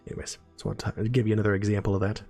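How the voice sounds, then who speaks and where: A man's voice: lowish voice, level tone, rapid-fire, creaky, a little mellow, faint music behind. A man giving a casual live-stream neuroscience lesson, explaining terms and checking in with viewers as he goes. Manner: chatty, explains terms with frequent "right?" and "okay?" check-ins.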